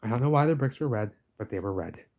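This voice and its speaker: A man's voice: mid-range voice, expressive, fast, a little mellow. A man recording a casual walking-tour vlog outdoors in a village, ranting insistently at the camera and repeating himself. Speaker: vlogger filming a village walk.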